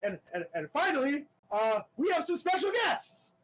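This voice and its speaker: A game master doing a jittery high-voiced announcer. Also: very animated, moderate pace, low-quality recording. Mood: nervous. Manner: stammering, high-pitched, anxious. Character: nervous male tournament announcer. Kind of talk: tabletop game character voice.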